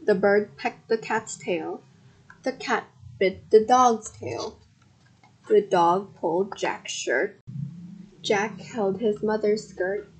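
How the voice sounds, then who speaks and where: A woman hosting a podcast reads a children's story aloud carefully, with loud animal noises and shouts for the characters. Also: medium pitch, breathy edge, low-quality recording. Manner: slow, careful reading with bursts of loud sound effects. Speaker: podcast host and story reader.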